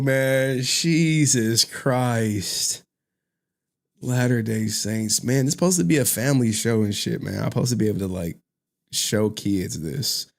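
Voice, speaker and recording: A man's voice: on the low side, vocal fry. A man joking with his chat in casual livestream commentary, full of slang and asides. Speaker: streamer reacting to clips.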